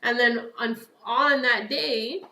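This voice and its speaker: Woman telling a story on a podcast, chatty and animated, acting out her old lines, roomy echo. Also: fairly high pitch, takes it slowly. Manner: chatty, animated, acts out her own past lines, many "like"s and "yo"s. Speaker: podcast guest. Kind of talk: casual storytelling.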